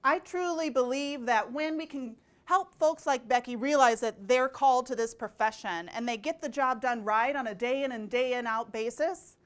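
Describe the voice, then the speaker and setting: High-pitched woman in her thirties, animated keynote speaker with a storyteller's delivery. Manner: animated, acts out quoted voices. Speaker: conference speaker.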